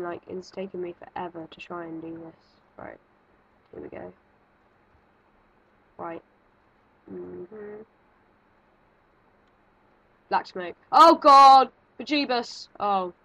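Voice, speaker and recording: Jumpy, husky-voiced woman. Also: on the low side, highs cut off. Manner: jumpy, nervous, exclaiming, thinking aloud. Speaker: gaming video creator. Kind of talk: let's-play game commentary.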